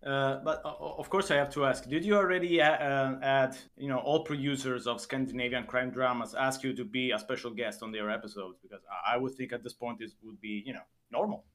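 Male podcast host, casual interview, halting, many fillers, middling pitch. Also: steady tone, fairly bright tone. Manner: halting, searching for words, frequent fillers.

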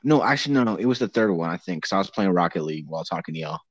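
A man's voice: low-pitched, animated, very fast, dry recording. A teenage boy hosting a casual podcast with friends, rambling, laughing and swearing as he talks. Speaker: podcast host. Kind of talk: casual chat among friends. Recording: dull muffled lo-fi sound.

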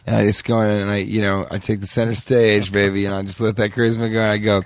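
A man's voice: lowish voice, level tone, fast talker, few pauses, no echo, studio quality. Crude riffing male comedy podcaster. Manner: riffs into crude silly bits and sudden loud character voices. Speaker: podcast co-host. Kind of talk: improvised comedy banter.

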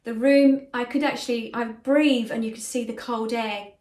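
A middle-aged woman who works as a spiritual medium earnestly tells a personal story in a casual, conversational way, using lots of fillers. Her voice is on the high side with a darkish tone, fairly even intonation and normal speed. She's recorded in a bedroom at home, and the room sounds echoey.

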